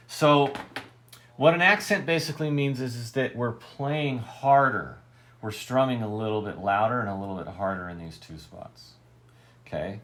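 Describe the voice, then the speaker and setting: A man teaching a guitar lesson who says okay constantly, keeps checking that the student understands, and scats rhythms aloud. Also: mid-range voice. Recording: loud guitar playing between talk. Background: guitar strumming.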